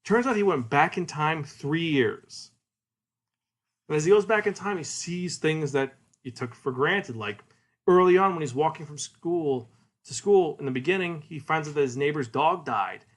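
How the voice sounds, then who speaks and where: A man hosting a podcast, retelling a comic's plot in a casual, animated way and acting out its characters. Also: a little high, moderate pace. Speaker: podcast host. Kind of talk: casual solo manga review.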